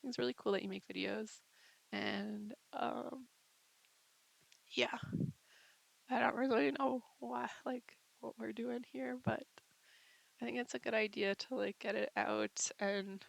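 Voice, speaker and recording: Gravelly, rambling young woman vlogger. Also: fairly high pitch, steady tone, unhurried, pauses often, low-quality recording. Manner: rambling and hesitant, heavy on fillers. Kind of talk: casual confessional vlog.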